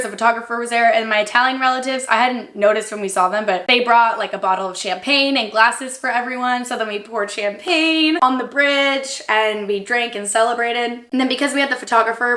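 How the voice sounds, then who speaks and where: A young woman with a bright, forceful voice, fairly high-pitched, tells a story to camera in a rambling, excitable rush full of fillers. She sounds emotional, close to tears. The room is echoey. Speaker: vlogger.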